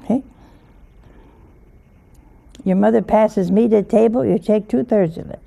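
A woman's voice: mid-range voice, a little slow, vocal fry, dark tone, breathy edge. A woman giving an informal sermon in a folksy way, often asking her listeners rhetorical questions. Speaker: religious teacher.

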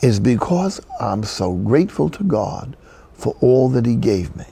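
A man voicing a grateful, cheerful old woman with a Southern US accent, in a gravelly voice. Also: mid-range voice, sing-song, measured pace, warm tone, full character voice. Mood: joyful.

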